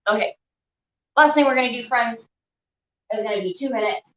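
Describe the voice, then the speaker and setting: A woman's voice: a little high, expressive, normal speed, long pauses, a bit bright. Chatty young woman coaching a stretch. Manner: chatty, encouraging, filler-heavy. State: out of breath while stretching. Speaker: stretching instructor. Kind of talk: live stretching class. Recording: echoey room, dull lo-fi sound.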